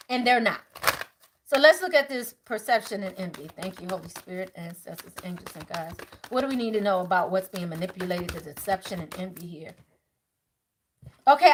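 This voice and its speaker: A middle-aged woman reads tarot live for her viewers, her voice high and bright. She preaches with animated swings, from loud outbursts down to hushed prayer, and talks casually and bluntly. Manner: casual, outspoken, swears freely. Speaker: tarot reader.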